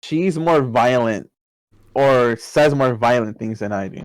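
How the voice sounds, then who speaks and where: A man co-hosting a podcast in casual chat, joking and swearing, with sudden loud outbursts. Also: medium pitch, unhurried, dry recording, poor audio. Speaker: podcast co-host.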